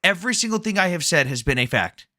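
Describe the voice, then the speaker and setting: A man hosting a live debate, hammering his points in a forceful, profane, rapid-fire way. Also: high voice, big pitch swings, dry recording, clean studio sound. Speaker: debate host.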